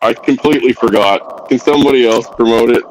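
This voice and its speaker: A man's voice: medium pitch, fairly quick, a little hiss or hum, poor audio. A father on a casual online call, distracted and apologetic while juggling tasks. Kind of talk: casual crude banter.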